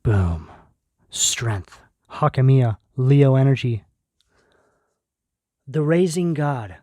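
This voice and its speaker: A man giving a tarot reading video, speaking in slow, emphatic, intense declarations. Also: medium pitch, lively intonation, a little mellow, no echo, studio quality. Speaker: tarot reader.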